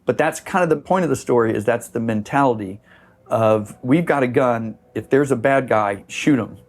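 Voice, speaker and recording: A man's voice: medium pitch, normal speed. A middle-aged man from Florida, a surf shop owner, telling a long story in a casual podcast interview, rambling with many fillers. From Florida, USA. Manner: rambling, many "you know" fillers, acts out quoted voices.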